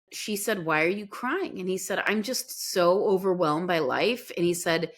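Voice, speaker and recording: A woman guest in an interview, telling a story in an earnest, animated way. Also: on the low side. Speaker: podcast guest.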